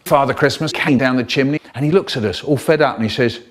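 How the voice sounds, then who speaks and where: A man telling comic stories, animated and playful, with exaggerated swoops in his voice. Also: medium pitch, quick pace, hardly any pauses. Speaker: children's storyteller. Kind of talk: comic storytelling, spliced edit.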